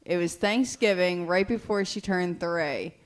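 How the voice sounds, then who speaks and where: A woman's voice: on the low side, unhurried. A woman co-hosting a comedy podcast, casually telling a story about her young daughter. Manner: conversational storytelling with acted dialogue. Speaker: podcast co-host.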